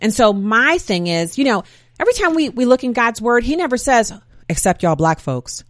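A middle-aged woman speaking in an opinionated monologue, animated storytelling that acts out quotes and builds to emphatic points. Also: on the high side, brisk, no echo, studio quality. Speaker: commentator sharing opinions.

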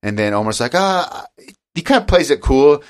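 A man's voice: medium pitch, fast. A young man co-hosts in easy, casual conversation. He tells stories with animation and acts out other people's lines. He laughs often as he goes. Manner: animated storyteller, acting out quotes, laughing often. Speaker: podcast co-host. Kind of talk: casual chat.

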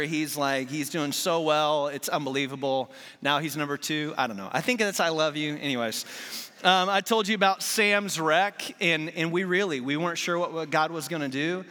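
Brief: forties male preacher, bright forceful tone, dramatic story-driven delivery in a big reverberant church. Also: a little high. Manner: passionate storytelling, swings from loud to hushed. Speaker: guest preacher. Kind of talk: sermon.

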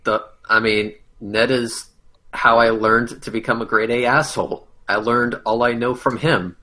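A man's voice: medium pitch, steady tone, unhurried, bright, forceful tone. A man on a casual panel chat, giving a mock-solemn, crude tribute.

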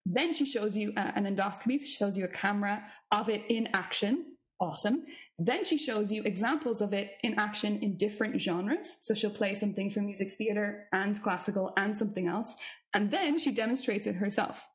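A woman singing teacher in casual chat, animated and curious, with quick asides. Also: mid-range voice.

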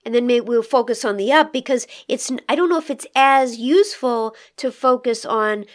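A woman's voice: on the high side, moderate pace. A woman co-hosting a podcast, discussing a poem in a thoughtful, questioning way. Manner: thoughtful, asks probing questions about the poem. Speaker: podcast co-host. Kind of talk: conversational literary discussion.

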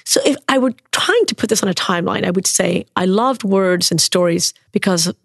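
Southern-raised woman storyteller, husky and gravelly, dry close sound, expressive with whispered asides. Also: mid-range voice, fairly quick, dry recording. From American South. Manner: expressive, acts out quoted voices, drops to whispers. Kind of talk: personal storytelling in conversation.

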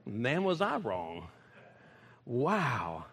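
In an echoey hall, a man from Texas delivers sermon stories very slowly in a medium-pitched voice with a breathy edge. His telling is folksy and animated, punctuated by laughter.

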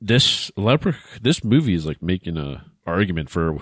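A man's voice: low-pitched, very animated, normal speed, breathy edge, dry recording, clean studio sound. A man co-hosting a podcast, joking in a laid-back way while discussing a film. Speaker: podcast co-host. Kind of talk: casual movie recap chat.

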